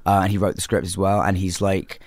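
A man's voice: low-pitched, level tone, brisk, dry recording. A young man with an English accent, chatting as a guest in a loose, rambling way with many restarts. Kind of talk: casual interview chat. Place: studio.

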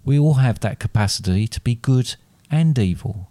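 A man with a fairly low voice reads his own grim fairy tale in a steady, deliberate storybook manner. The sound is dry and close, with no room around it. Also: gravelly, dry recording. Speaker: storyteller and co-host.

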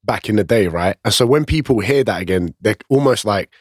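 A man's voice: on the low side, expressive, fairly quick, no echo, clean studio sound. A man co-hosting a podcast in casual chat, supportive with friendly interjections. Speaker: podcast co-host.

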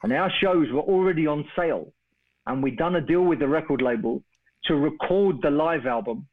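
A middle-aged man from England telling a long casual story, chatty and animated, acting out the voices of the people in it. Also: on the high side, moderate pace. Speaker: guest storyteller. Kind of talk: casual anecdote on a phone call. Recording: tinny phone-line sound.

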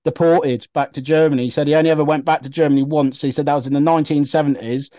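A man's voice: on the high side, fairly even intonation, fast, mellow, no echo. A young man telling a story in casual podcast chat, rambling with many fillers and restarts. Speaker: podcast co-host.

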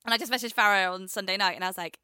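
A woman's voice: medium pitch, rapid-fire, bright, forceful tone, clean tone, no echo, studio quality. A young woman co-hosting a podcast in casual chat, laughing often and acting out quotes. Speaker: podcast co-host.

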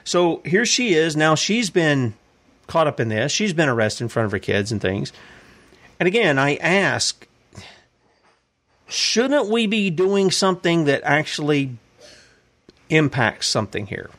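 A man's voice: on the high side, big pitch swings, unhurried, long pauses, a bit bright. A man hosting a casual commentary show, reading news articles aloud and asking rambling questions about them. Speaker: host.

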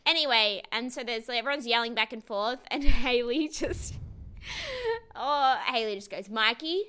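A woman's voice: a little high, normal speed, pushed and bright, clean tone. A woman co-hosting a podcast, recapping a reality show in casual, swearing chat, laughing often and acting out quotes. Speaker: podcast co-host.

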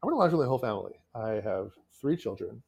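A man in his thirties co-hosting a podcast in casual chat, animated and jokey, often laughing. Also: mid-range voice, fast talker, gravelly, a crowd in the background. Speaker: podcast co-host.

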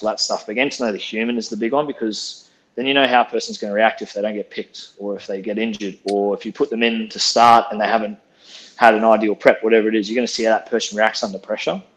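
A man from Zimbabwe, a podcast guest telling stories in a relaxed way and laughing along. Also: fairly low pitch. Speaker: podcast guest, rugby player. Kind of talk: casual storytelling.

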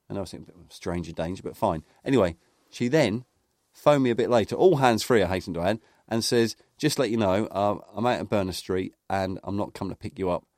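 A man's voice: on the low side, darkish tone, no room sound, clean studio sound. A middle-aged man, a podcast co-host, telling rambling football anecdotes in casual chat, full of fillers and restarts.

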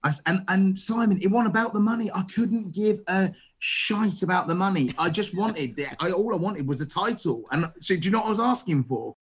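A middle-aged man, a chef, telling stories in a casual interview, animated and full of restarts. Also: high voice, brisk, hardly any pauses, husky. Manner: animated, acts out quoted dialogue, frequent restarts. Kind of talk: casual storytelling.

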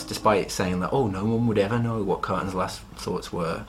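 A man's voice: on the low side, fairly even intonation, moderate pace, over music. A man co-hosting a book podcast, playful and joking in casual chat. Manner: playful, jokey. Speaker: podcast co-host.

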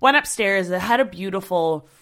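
A woman co-hosting a casual travel chat, telling a story with lively acted-out quotes. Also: mid-range voice, moderate pace. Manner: animated storyteller, acts out quotes. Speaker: podcast co-host.

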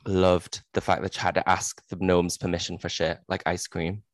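A man in casual book chat, animated and sweary, acting out quotes. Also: deep voice, normal speed, no echo.

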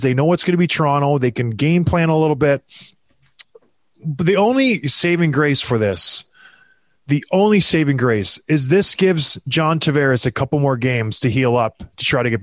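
A man's voice: a little high, no echo. Exasperated man ranting about hockey. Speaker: hockey podcast host. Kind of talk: heated sports commentary chat.

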